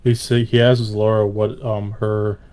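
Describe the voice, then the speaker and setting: A man playing a tabletop game, talking quickly, arguing and swearing with his friends. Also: lowish voice, level tone, warm tone, clean tone. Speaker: player. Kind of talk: casual chat during a tabletop game.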